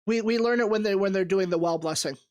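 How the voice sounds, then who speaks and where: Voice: medium pitch, fast, a crowd in the background. A podcast co-host in a casual film discussion, talking thoughtfully with hesitant restarts.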